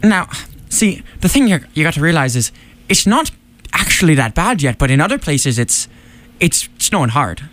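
A young man co-hosting a radio show, chatty and quick to laugh. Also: on the high side, sing-song, fairly bright tone. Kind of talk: casual radio banter.

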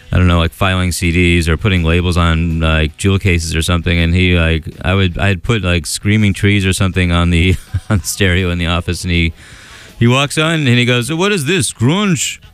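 A man hosting a radio show, chatting casually between songs with a relaxed, rambling delivery and many fillers into a studio microphone. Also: low voice, clear, resonant tone.

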